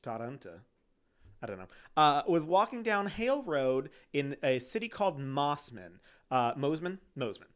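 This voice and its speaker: A man's voice: on the high side, very animated, moderate pace, fairly bright tone. A man co-hosting a casual true-crime podcast, reading case notes with joking asides and frequent laughter. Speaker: podcast co-host.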